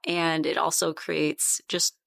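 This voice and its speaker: A woman's voice: deep voice, flat delivery, takes it slowly, creaky, fairly bright tone, dry recording, clean studio sound. A woman who works as a leadership coach, speaking as a mother on a podcast panel in a reflective, earnest way. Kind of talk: casual panel chat.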